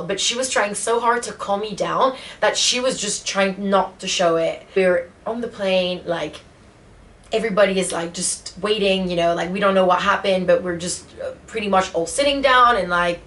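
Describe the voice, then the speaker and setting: A woman's voice: medium pitch, normal speed, fairly bright tone. Emotional woman telling a vlog story. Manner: emotional retelling, many fillers. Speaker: vlogger.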